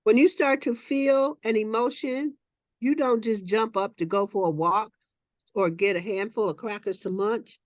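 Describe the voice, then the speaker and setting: A woman hosting a morning talk show. She reads a reflective passage in a measured way and then chats in an animated, conversational style. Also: medium pitch, no room sound, clean studio sound. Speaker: host. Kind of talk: reading a passage, then casual group chat.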